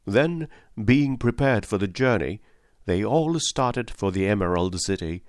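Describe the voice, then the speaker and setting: Low-voiced man reading a storybook. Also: animated, unhurried, no room sound, studio quality. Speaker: audiobook narrator. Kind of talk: scripted storybook narration.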